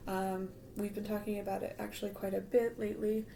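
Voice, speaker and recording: A woman's voice: medium pitch, little pitch movement, a little fast, vocal fry, mellow, a little hiss or hum. A woman giving a tarot reading in a casual, advising way, losing her voice, with frequent ums and some half-whispered words. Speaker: tarot reader.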